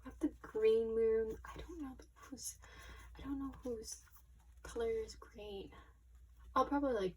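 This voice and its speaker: A young woman unboxing albums at her desk in casual commentary. She gushes excitably, her voice shaky, often dropping to a near whisper. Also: mid-range voice, normal speed, slight background noise, rough recording. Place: small room at her desk.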